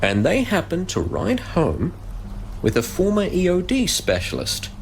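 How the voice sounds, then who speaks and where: A man voicing a calm, polite investigator questioning someone in voiced game dialogue. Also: high voice, gravelly, slight background noise, full character voice, poor audio. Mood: patient. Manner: measured and polite. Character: calm, patient male investigator. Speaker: interrogator.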